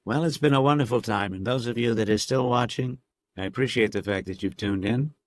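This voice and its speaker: Playful and casual as a podcast guest, this actor and impressionist drops into demonstration voices while explaining. He speaks a little fast at medium pitch, in clean, studio-quality sound with no echo.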